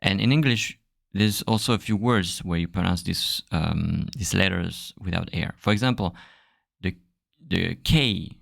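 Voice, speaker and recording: A man with a French accent, a native French speaker, hosting a casual podcast lesson and repeating sounds aloud in a halting way. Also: low voice, gravelly, fairly bright tone, no room sound, clean studio sound. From France. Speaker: language teacher podcast host.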